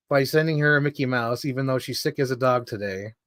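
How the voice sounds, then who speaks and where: A man's voice: medium pitch, fairly quick, fairly bright tone, no echo, clean studio sound. A man live streaming, chatting casually and rambling with lots of fillers as he shows off collectibles. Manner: chatty, rambling fan talk with many fillers. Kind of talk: casual chat.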